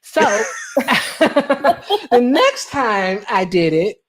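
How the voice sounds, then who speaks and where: A woman's voice: fairly high pitch, very slow. Laughing, profane woman streamer. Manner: profane, laughing, animated storyteller. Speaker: livestream host. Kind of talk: casual storytelling chat.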